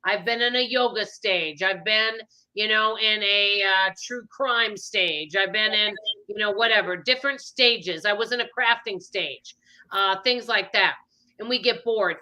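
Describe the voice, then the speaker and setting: A woman's voice: mid-range voice, sharp tone, rough recording. A woman hosting a casual chat, talking in a rambling, friendly way with lots of fillers. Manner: rambling, chatty, full of "you know" fillers. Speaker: channel host.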